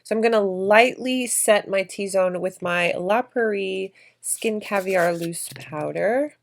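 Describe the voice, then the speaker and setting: A woman's voice: mid-range voice, slow pace. A woman vlogger narrating her makeup routine in a chatty, effusive way, gushing over products. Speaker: beauty vlogger.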